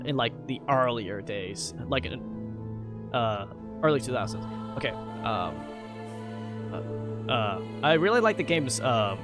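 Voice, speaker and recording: A man talking casually on a live stream, halting often with fillers and restarts. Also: medium pitch. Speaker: live streamer ranking games. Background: background music.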